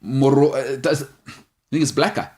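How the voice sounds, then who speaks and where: A man's voice: medium pitch, fairly even intonation, normal speed, darkish tone. A man hosting a sports talk show, chatting casually and jokingly as he reads out viewer questions and gives firm opinions. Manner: opinionated, joking, stumbles over names.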